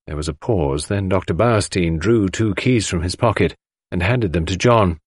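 A man reading an audiobook aloud with expressive, measured narration on a close mic. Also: low voice, breathy edge, no room sound. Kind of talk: scripted narration.

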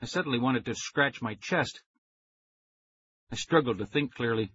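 Guy reading a kids book out loud, kinda husky, dull dry recording. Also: medium pitch, moderate pace, dry recording. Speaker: audiobook reader. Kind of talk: first-person storybook narration.

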